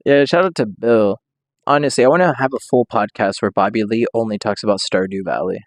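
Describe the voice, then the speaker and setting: A man's voice: fairly low pitch, brisk, no echo. A young man giving casual, rambling reaction commentary, joking around and swearing freely. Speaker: reaction streamer.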